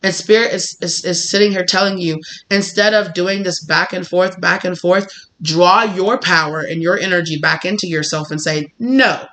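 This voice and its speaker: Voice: medium pitch, fairly even intonation, moderate pace, pushed and bright. A tarot reader giving a casual spoken reading, rambling and chatty and acting out little scenes along the way. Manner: swears freely.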